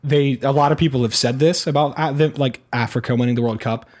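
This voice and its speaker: A man's voice: medium pitch, steady tone, quick pace. A man hosting a casual chat, rambling with many fillers and restarts as he reacts to clips. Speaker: podcast host reacting to clips.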